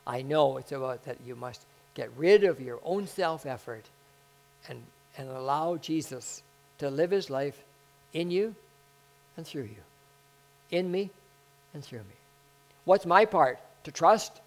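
A man preaching a sermon in an excitable way that swells into loud bursts, then leading a spoken prayer. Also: fairly high pitch, a little slow, poor audio. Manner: prays aloud.

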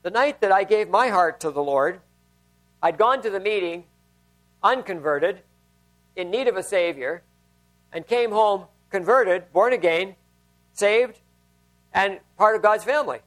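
Male pastor with a high-pitched voice, conversational sermon with anecdotes and frequent restarts. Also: expressive, a little slow, long pauses, fairly bright tone.

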